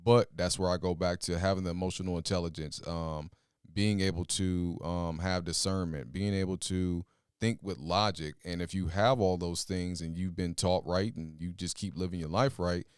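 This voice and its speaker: A man with a very low, smooth and resonant voice gives earnest life advice on a podcast. He talks in a steady, advising way with filler pauses. The sound is dry and close. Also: no room sound. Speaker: podcast co-host, father. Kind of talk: casual advice talk.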